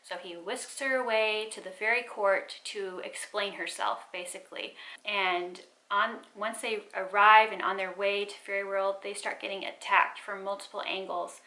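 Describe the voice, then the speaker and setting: Bright-voiced chatty woman book vlogger. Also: medium pitch, steady tone, normal speed, poor audio. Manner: chatty, enthusiastic, self-correcting. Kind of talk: casual chat.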